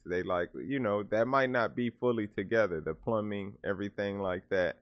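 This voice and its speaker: Slangy low-voiced reaction host. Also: male voice, normal speed, hardly any pauses, dry recording. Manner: enthusiastic, slangy, thinks aloud. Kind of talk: casual reaction commentary. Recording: dull lo-fi sound.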